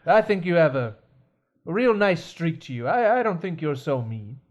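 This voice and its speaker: A man's voice: on the high side, sing-song, moderate pace, dull audio. A man playing a courteous aging flight attendant in a fancy put-on voice during an improv scene. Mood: gentle. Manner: gentle and courteous. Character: aging male flight attendant, kind, proper.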